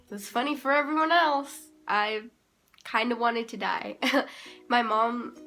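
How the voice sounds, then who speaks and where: Animated young woman telling a story. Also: fairly high pitch, measured pace, faint music behind. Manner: rambling, animated, self-mocking storytelling. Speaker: vlogger. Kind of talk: casual storytime.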